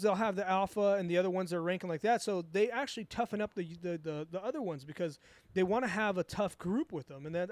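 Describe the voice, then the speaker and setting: A man's voice: high-pitched, no room sound. A young man from Southern California, co-hosting a casual podcast chat and telling a rambling, crude story full of swearing. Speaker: podcast co-host.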